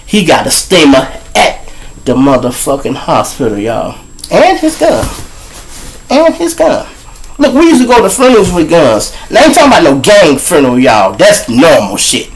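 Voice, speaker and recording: A man hosting his own show, telling profane street stories in an animated way. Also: on the high side, a little fast, low-quality recording. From Chicago. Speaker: show host. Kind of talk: storytelling monologue.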